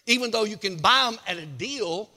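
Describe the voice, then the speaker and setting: A man preaching a sermon, telling a folksy tall tale with shouts and whoops. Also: high voice, lively intonation, moderate pace, long reverb tail. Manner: shouting, hollering storyteller with whoops.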